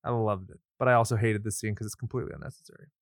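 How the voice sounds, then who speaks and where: A man's voice: fairly low pitch, fairly even intonation, racing, no echo, clean studio sound. Sarcastic man hosting a movie podcast. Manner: sarcastic, teasing, profane. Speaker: podcast co-host. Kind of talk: casual movie recap chat. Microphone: pop filter studio mic.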